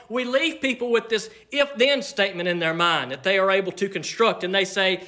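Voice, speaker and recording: A man preaching a sermon as pastor, emphatic, with dramatic slow pauses. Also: sits high, expressive, pushed and bright.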